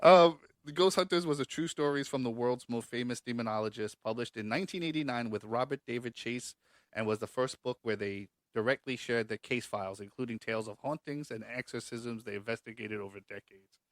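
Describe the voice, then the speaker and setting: A man's voice: medium pitch, brisk, dry recording, studio quality. A man hosting a casual quiz show podcast, joking and swearing as he reads out the questions. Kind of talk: casual game show chat.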